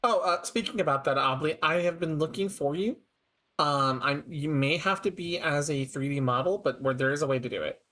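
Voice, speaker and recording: A man's voice: a little high, a little fast. A man streaming a farming game with a friend, talking casually with frequent laughs and restarts. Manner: relaxed, laughs often, trailing restarts. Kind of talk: casual co-op gameplay chat.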